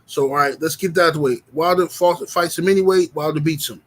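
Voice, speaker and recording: A man with a fairly high voice hosts a boxing livestream. He argues his case with emphasis, calls out names from the chat and keeps checking in with "right?". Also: quick pace, a bit bright. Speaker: boxing commentary host. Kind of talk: livestream commentary with chat shout-outs.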